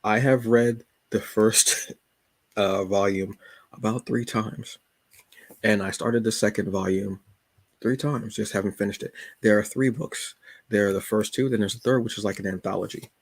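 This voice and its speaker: Casual vlog host, male, low gravelly husky voice, joking and rambling, dry close sound. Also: normal speed, no echo. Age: adult. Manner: relaxed, joking, storytelling with asides. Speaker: channel host. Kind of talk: casual talk about comics and books.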